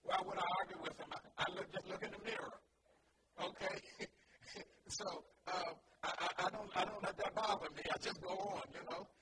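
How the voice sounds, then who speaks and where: A man's voice: sits high, fairly even intonation, brisk. A male preacher delivering a sermon, peppering his lines with amens and repeating phrases for emphasis. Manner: rhythmic, peppers lines with "amen" and "glory to God". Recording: distant mic with loud background noise.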